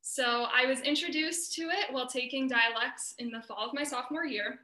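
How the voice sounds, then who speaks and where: A young American woman delivers an academic presentation over a video call. Her voice is bright and sits a little high. She explains each point earnestly, and the sound carries a roomy echo. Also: a little fast. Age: young adult. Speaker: student presenter.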